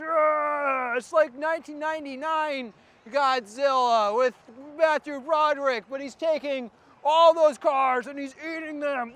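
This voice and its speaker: A woman telling a silly comic story with animated, playful delivery. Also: sits high, slow. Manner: animated, playful, acts out voices. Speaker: comedy performer.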